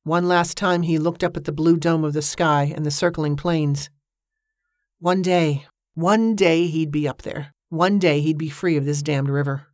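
A woman narrating an audiobook in a steady, measured storytelling voice. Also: deep voice, no echo, clean studio sound.

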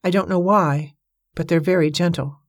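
A woman reading the part of a gentle, wealthy older woman who speaks softly and fondly. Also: on the low side, fairly even intonation, normal speed, no echo, studio quality. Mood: wistful. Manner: soft, fond, motherly.

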